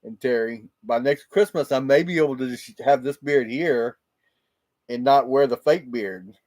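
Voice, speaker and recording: Using a laptop mic, this man hosts a livestream and chats loosely with viewers, rambling and laughing a lot. His voice is medium-pitched with a darkish tone, delivered at normal speed.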